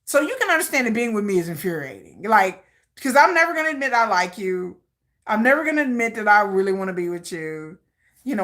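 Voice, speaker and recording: A woman hosting a livestream in casual chat, rambling and animated and laughing often. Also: fairly high pitch, brisk. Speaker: livestream host.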